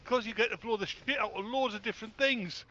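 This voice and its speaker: A man with a bright, fairly high voice jokes drily with friends over a game, swearing freely and fixing his words as he goes. The sound is a bit muffled, with a faint hiss behind it. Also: fast talker. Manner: wry, swearing, self-correcting. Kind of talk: casual banter while gaming.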